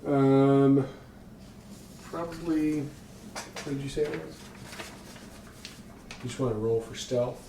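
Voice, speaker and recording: A man narrating as game master, relaxed and rambling with fillers. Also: mid-range voice, slow pace, creaky, long pauses, a little hiss or hum. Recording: echoey room, mic far off.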